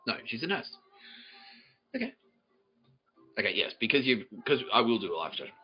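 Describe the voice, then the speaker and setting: A man's voice: mid-range voice, sing-song, fairly quick, lo-fi sound, faint music behind. A man hosting a comedy podcast, swearing often and laughing as he jokes with the live audience. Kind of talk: improvised comedy monologue, relaying a psychic's words.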